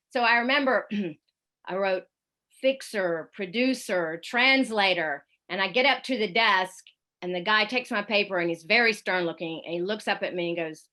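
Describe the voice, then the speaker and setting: A woman, a radio correspondent, telling a lively story over a video call, full of fillers and asides. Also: medium pitch, moderate pace. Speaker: radio correspondent giving a talk. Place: home in Paris, at night.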